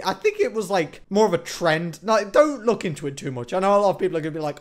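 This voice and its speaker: A man's voice: high-pitched, fast talker, few pauses. A teenage man telling a rambling, jokey story to camera in a casual vlog, often mocking himself. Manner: rambling, joking, self-mocking, excitable. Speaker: vlogger.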